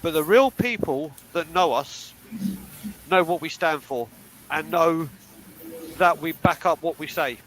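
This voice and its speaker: A high-voiced man speaks bluntly and with heavy emphasis, swearing freely as he co-hosts a podcast panel. Faint ambient noise sits under the call. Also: measured pace, long pauses, a bit bright, poor audio. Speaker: podcast co-host. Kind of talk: candid panel talk.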